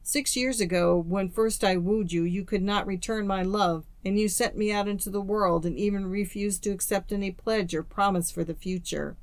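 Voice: mid-range voice, steady tone, normal speed, few pauses, no echo, lightly acted. A storyteller reading the lines of a remorseful man in a storybook, earnest and slightly quavering. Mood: pleading.

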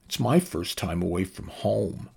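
A man voicing a small, gentle young robot drone that talks softly and eagerly. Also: low voice, expressive, unhurried, gravelly, husky, heavily acted. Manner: soft, quiet and eager.

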